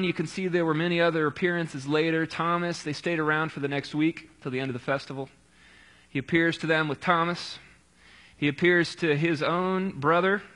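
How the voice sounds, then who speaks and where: A man's voice: a little high, bright, forceful tone. A man preaching a casual sermon, retelling scripture in a conversational way with quips and asides.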